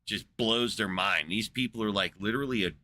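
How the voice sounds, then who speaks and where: A man's voice: lowish voice, a little fast, bright, forceful tone. A man in a casual, rambling monologue, swearing a lot, incredulous and full of fillers. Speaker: podcast host. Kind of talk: casual profane rant.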